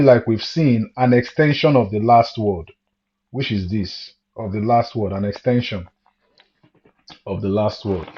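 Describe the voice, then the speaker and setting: Patient man teaching music theory, lo-fi. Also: mid-range voice. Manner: patient, repeats phrases, asks students questions. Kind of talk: online music theory lesson. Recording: dull lo-fi sound.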